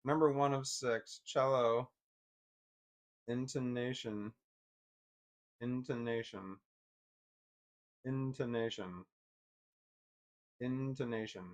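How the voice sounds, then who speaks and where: A man casually thinking aloud, reading definitions off a screen in a halting, self-deprecating way. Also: medium pitch, steady tone. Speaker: vlogger.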